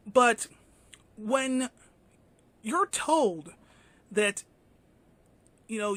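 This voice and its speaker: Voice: medium pitch, pushed and bright, dry recording. A vlogger giving an indignant, ranting commentary, full of fillers and swearing.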